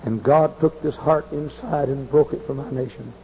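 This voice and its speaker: A man's voice: mid-range voice, moderate pace, mellow, in a large hall, slight background noise. A man preaching a revival sermon before a large congregation, telling stories with passion and hollering. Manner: hollering, impassioned storytelling. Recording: muffled lo-fi recording.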